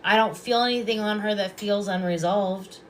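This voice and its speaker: A woman giving intuitive readings on a live stream. She talks calmly and softly and often repeats her phrases. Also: medium pitch, moderate pace, a little hiss or hum. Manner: calm, soft-spoken, repeats phrases. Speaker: psychic reader and past life regressionist.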